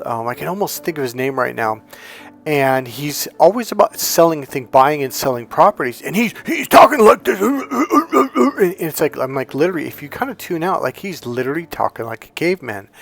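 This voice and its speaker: This medium-pitched man is a dating coach riffing unscripted for the camera. He wanders from point to point, curses freely, and performs grunts and wailing babies.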